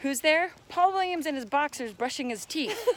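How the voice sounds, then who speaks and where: A woman co-hosting a casual talk, telling a story with lively, laughing delivery while out on a walk. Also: high voice, moderate pace. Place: outdoors on a walk.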